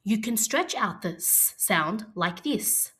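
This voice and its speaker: A woman teaching an early-years phonics lesson, speaking slowly and clearly in an encouraging classroom manner. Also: medium pitch, expressive, fairly bright tone.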